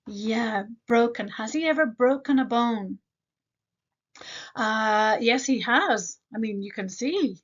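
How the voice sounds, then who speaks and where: A woman teaching an English grammar lesson, slowly modeling example sentences and asking the learner quick questions. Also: a little high, highs cut off.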